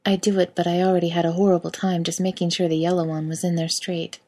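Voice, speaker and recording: A woman voicing a compassionate young woman officer, light and gently teasing. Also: on the low side, level tone, quick pace, lightly acted. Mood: lighthearted.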